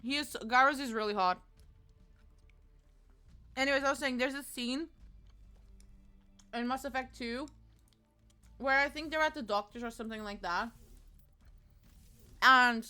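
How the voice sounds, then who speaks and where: Bright-voiced woman streaming games. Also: high voice, unhurried, pauses often, clean tone, faint music behind. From Portugal. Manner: chatty, teasing, swears freely while playing. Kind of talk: casual gaming stream chat.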